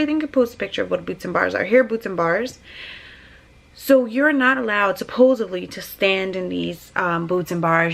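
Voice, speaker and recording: A young mother from New Jersey talks straight into her camera in a casual vlog. Her voice has a gravelly edge and sits at an ordinary pitch for a woman. She sounds emotional and excited as she speaks to her viewers. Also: low-quality recording. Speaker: vlogger mother.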